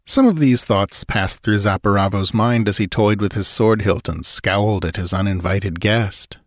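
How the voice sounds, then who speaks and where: A man narrating an adventure story as an audiobook, measured and dramatic. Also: on the low side, no room sound, studio quality.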